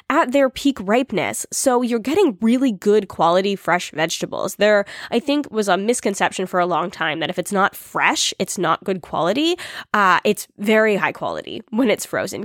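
A woman's voice: medium pitch, no echo. Chatty woman with a dry, close sound. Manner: chatty, upbeat, with small laughs and fillers. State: morning voice. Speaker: podcast host. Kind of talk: casual solo podcast talk.

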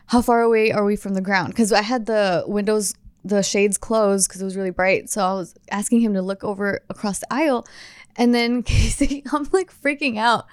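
Young woman telling a story, clear voice. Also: mid-range voice, no echo, clean studio sound. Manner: animated storytelling, frequent swearing. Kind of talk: casual chat.

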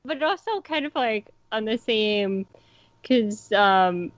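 A woman co-hosting a casual podcast chat, excitable and chatty, filling her talk with "like". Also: a little high, slow, no echo. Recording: muffled lo-fi dry sound.

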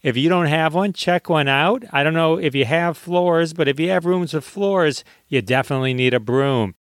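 Male podcast host, jokey mock-hype monologue, fairly high voice, dry close mic. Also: moderate pace, no echo. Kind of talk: comic monologue.

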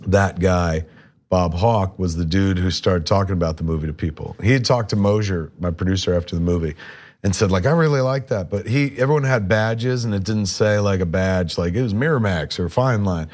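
A middle-aged man with a lowish voice. He rambles through casual anecdotes and acts out other people's lines. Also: moderate pace. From New Jersey. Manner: rambling, animated anecdotes with quoted dialogue. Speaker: podcast guest, filmmaker. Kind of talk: casual storytelling.

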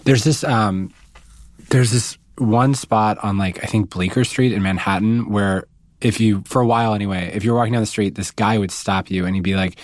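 Male podcast host, lowish pitch, lively casual storyteller, dry booth sound. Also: normal speed, no echo. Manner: animated storytelling, casual, swearing. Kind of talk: conversational interview.

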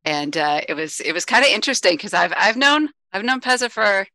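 A woman's voice: medium pitch, big pitch swings, fairly quick, pushed and bright, no room sound. A woman, a lead cast member, telling a story casually with wry amusement.

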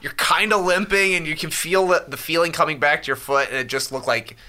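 A man's voice: fairly high pitch, a little fast, sharp tone. A man co-hosting a podcast, joking wryly in casual chat about a TV episode. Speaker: podcast co-host. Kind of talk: casual chat recapping a TV show.

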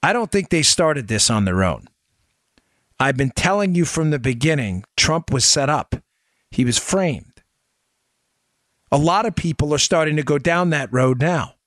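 A man's voice: on the high side, lively intonation, unhurried, pauses often, fairly bright tone, no room sound, clean studio sound. A man hosting a political podcast, delivering emphatic commentary full of rhetorical questions aimed at his listeners. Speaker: podcast host.

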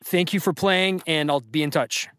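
A man's voice: a little high, moderate pace, heavy background noise. A man hosting a podcast trivia quiz, reading questions to callers and hyping them up with playful banter. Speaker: podcast host and quizmaster.

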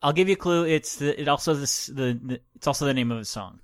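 Male co-host, halting and filler-heavy, recorded dry and close. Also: mid-range voice, dry recording. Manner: hesitant, lots of fillers. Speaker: podcast co-host. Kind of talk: casual chat, quiz host.

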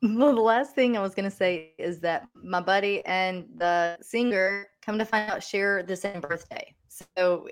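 A woman's voice: mid-range voice, unhurried, few pauses. A woman hosting a podcast, chatting casually and steering the talk back to the topic. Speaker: podcast host.

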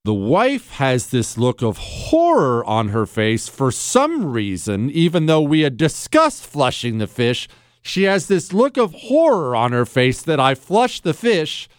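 A man hosts a talk radio show, delivering a blunt, sardonic monologue full of animated storytelling. His medium-pitched voice is clear and resonant at a measured pace, with clean studio sound and no room echo.

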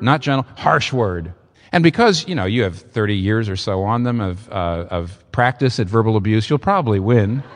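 A man preaching a sermon, emphatic and expressive, with sudden leaps in pitch for emphasis. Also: long reverb tail. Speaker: pastor.

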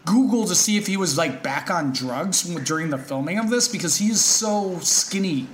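A man co-hosting a podcast in casual chat, relaxed and reflective, with some hesitation. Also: high-pitched, moderate pace, crowd noise. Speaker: podcast co-host.

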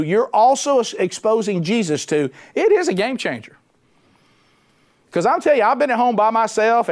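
A middle-aged man, a former radio host, preaching a sermon in an animated, conversational way with punchy repetition. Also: high-pitched.

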